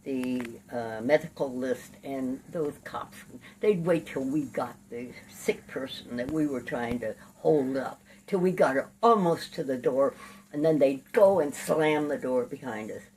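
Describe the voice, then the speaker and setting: An older woman, a lawyer and activist, recounting her life in an oral history interview, lively and salty, acting out the people in her stories. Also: very deep voice, unhurried, recorded from a distance, slight background noise, rough recording. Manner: lively raconteur, laughs and curses while acting out scenes.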